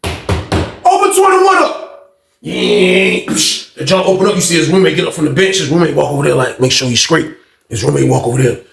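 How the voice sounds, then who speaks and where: A man's voice: on the high side, fast, gravelly, noisy background. A man telling a prison story in casual, slangy talk, acting out every scene. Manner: animated, slangy, acts out scenes. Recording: echoey room.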